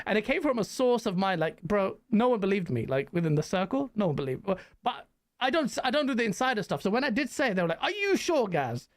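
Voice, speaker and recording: A man hosting a podcast, talking in a quick, animated way and often breaking into laughter. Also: high-pitched. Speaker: podcast host. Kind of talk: casual podcast chat.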